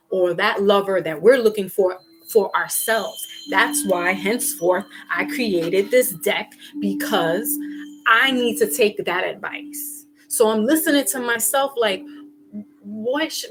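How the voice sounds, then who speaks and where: A woman vlogger giving a casual spiritual pep talk in an animated, slangy way, acting out little quoted exchanges. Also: medium pitch, slight background noise.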